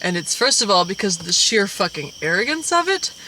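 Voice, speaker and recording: A woman's voice: mid-range voice, big pitch swings, fairly quick, sharp tone, a little hiss or hum. Blunt, profane woman reviewing a movie. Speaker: co-host. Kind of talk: casual movie review chat.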